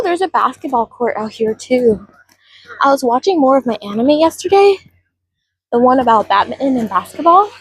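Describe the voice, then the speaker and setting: A chatty woman livestreams while strolling through a park, greeting her viewers by name. Her voice sits a little high and breathy, with bouncy, animated pitch, captured dry and close on a handheld phone. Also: dry recording, rough recording. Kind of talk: casual livestream chat. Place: outdoors in a park, walking.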